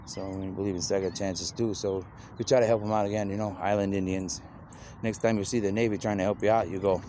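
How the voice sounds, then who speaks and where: A man's voice: on the low side, fairly even intonation, fast talker, a little mellow, a little hiss or hum. A man talking in a loose, rambling monologue, repeating "you know" constantly and drifting from idea to idea.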